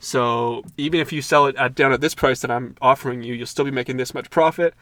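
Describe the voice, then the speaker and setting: Young guy on a podcast, chill and crude, laughs a lot, mid-pitch voice. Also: fairly even intonation, fast, pushed and bright, dry recording. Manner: laid-back, crude, laughs often. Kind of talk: casual storytelling chat.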